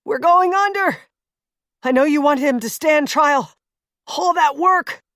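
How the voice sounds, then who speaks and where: Narrator doing a guy gasping in icy water, strained and high, dry sound. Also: a little slow, a bit bright, dry recording. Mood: desperate. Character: desperate man gasping in freezing water.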